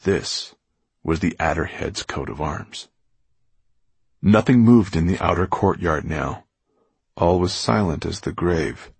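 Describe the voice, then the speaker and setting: A man narrating a novel aloud with expressive storytelling. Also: low-pitched, takes it slowly, vocal fry, long pauses, breathy edge, no echo. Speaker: audiobook narrator. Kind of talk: scripted narration.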